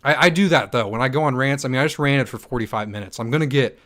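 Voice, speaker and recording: A man's voice: medium pitch, fairly bright tone. Hyped-up man answering livestream chat. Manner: hyped, fast, lots of ums and repeats. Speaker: stake pool operator and channel host. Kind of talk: livestream Q&A reading chat comments.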